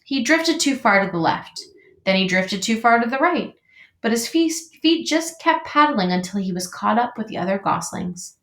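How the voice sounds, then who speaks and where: A teacher reading a children's book aloud in an expressive, measured way. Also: female voice, a little high. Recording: echoey room.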